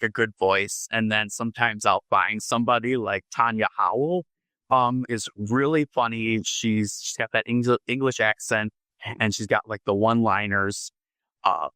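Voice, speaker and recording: Male guest, smoker, low and forceful, loose rambling chat, dry close mic. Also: clean tone, no room sound. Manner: rambling, relaxed storytelling with fillers. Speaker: podcast guest, oddities artist. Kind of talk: casual interview chat.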